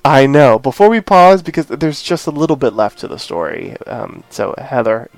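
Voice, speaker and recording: A man's voice: mid-range voice, lively intonation, moderate pace, vocal fry. A man hosting a casual chat, retelling a TV episode in a rambling way with lots of filler phrases and emphatic opinions. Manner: rambling retelling full of "you know" and "this, that, or the other". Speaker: podcast host.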